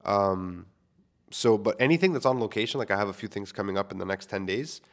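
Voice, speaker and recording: A man's voice: lowish voice, fairly quick. Candid, swearing man talking filmmaking. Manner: candid, self-deprecating, swears freely. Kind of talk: casual monologue to listeners. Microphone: studio microphone.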